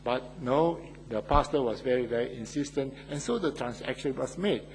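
A pastor preaching a sermon, telling stories with rising emphasis and playful asides. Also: male voice, medium pitch, normal speed, a little hiss or hum, low-quality recording. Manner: animated storytelling, rising loud for emphasis.

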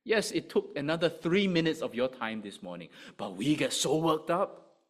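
A male preacher delivering a sermon in a slightly high voice. His pitch moves a lot, climbing for emphasis and sinking low for quiet points. He talks through rhetorical questions and swings between loud and soft. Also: moderate pace. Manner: animated, rhetorical questions, rises and drops sharply in volume.

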